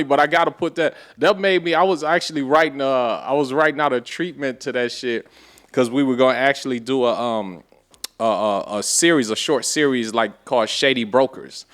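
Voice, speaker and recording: A man, a podcast guest, telling a story in a casual, animated way with profane street slang. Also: mid-range voice, a little fast.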